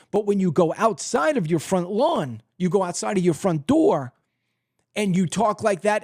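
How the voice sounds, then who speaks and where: A man's voice: high-pitched, sing-song, moderate pace, darkish tone, no echo, clean studio sound. A man hosting a political commentary show, delivering a heated, emphatic monologue from his desk at home. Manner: emphatic, heated, acts out other people's reactions. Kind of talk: opinionated monologue.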